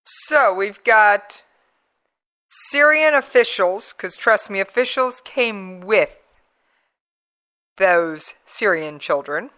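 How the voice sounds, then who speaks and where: Slow-talking woman radio host, bright tone. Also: medium pitch, animated. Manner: conversational, emphatic, drawn-out pauses for effect. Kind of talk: talk radio commentary with played clips.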